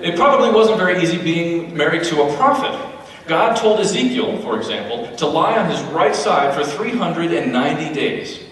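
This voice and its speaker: A man's voice: on the high side, normal speed, slight background noise. Wry man doing stand-up in an echoey hall. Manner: wry, deadpan asides. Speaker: comedian at a church. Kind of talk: stand-up comedy set. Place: church hall, live. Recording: echoey church hall, mic far off.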